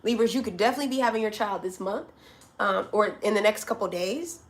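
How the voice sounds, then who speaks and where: A woman's voice: mid-range voice, quick pace. A woman giving a casual collective tarot reading from home. She talks directly to her listeners and calls them honey and child. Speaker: tarot reader.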